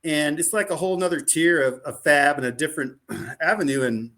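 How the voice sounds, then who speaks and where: Animated man telling a rambling story. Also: on the high side, fairly quick. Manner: animated, rambling, full of "like" and restarts. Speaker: podcast guest. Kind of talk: casual storytelling chat.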